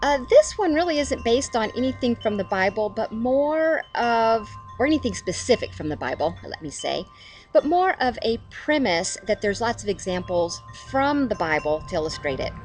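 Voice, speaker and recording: Chatty middle-aged woman, lively voice. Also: a little high, moderate pace, soft background music. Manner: chatty, self-deprecating, laughs at herself. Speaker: devotional video host. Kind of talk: casual devotional talk to camera.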